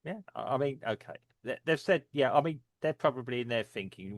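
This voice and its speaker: A man's voice: medium pitch, animated, fairly quick, no echo. A man co-hosting a casual discussion, rambling with many fillers and frequent chuckles. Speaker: podcast co-host.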